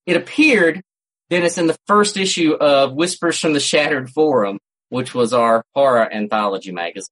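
At a moderate pace and medium pitch, this man's voice comes across a bit bright as he co-hosts a casual podcast. He tells stories in a rambling way, restarting often, and the poor audio comes from a home mic setup with a cat nearby.

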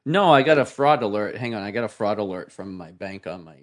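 A man's voice: lowish voice, animated, a little fast. A man co-hosting a casual podcast, easygoing, laughing along, with hesitant fillers. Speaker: podcast co-host. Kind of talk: casual chat. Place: comic bookstore.

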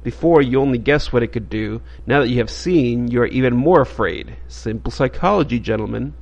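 Brief: a bitter, eccentric psychology professor, scornful and lecturing, in a mid-pitched voice, as read by a man. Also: brisk, vocal fry, lo-fi sound, close to an everyday voice.

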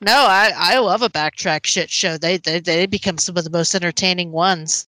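A woman's voice: fairly low pitch, moderate pace, pushed and bright, dry recording, rough recording. A woman co-hosting a podcast in casual chat, emphatic and blunt, swearing freely. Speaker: podcast co-host.

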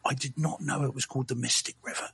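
A man's voice: medium pitch, fairly even intonation, fast talker, a bit bright, husky. Rambling, wry man reviewing a film. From not from Boston. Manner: rambling, self-correcting, wry. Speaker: podcast guest reviewer. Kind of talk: casual chat.

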